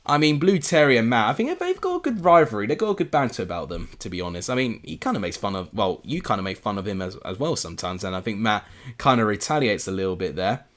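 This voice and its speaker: A man's voice: on the low side, very animated, fast talker, fairly bright tone. A young man from England hosting a live football watchalong, chatting casually and answering viewer comments. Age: young adult. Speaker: livestream host.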